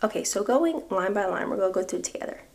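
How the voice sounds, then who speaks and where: A woman's voice: medium pitch, expressive, fast talker, vocal fry, a little mellow. A young woman hosting a podcast, chatty and enthusiastic as she talks about literature. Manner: chatty and enthusiastic, with laughs and fillers. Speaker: podcast host. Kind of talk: casual podcast talk.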